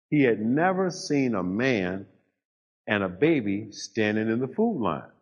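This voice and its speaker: A man's voice: a little high, a little mellow, husky, dull audio. Man telling his story on stage. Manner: storytelling with dramatic pauses and rising emphasis. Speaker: motivational speaker. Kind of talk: storytelling speech to a live audience.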